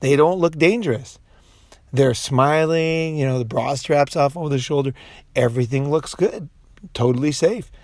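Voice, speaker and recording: A man's voice: on the high side, moderate pace, darkish tone, no echo. A man in a casual, profane monologue who rambles, restarts often and puts on voices when he quotes people. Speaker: commentator.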